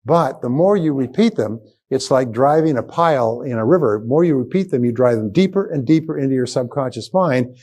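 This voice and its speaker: A man's voice: medium pitch, expressive, brisk, darkish tone. An older man giving a motivational seminar talk to a live audience, speaking emphatically and repeating key phrases. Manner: emphatic, repetitive, rising to punchy exclamations.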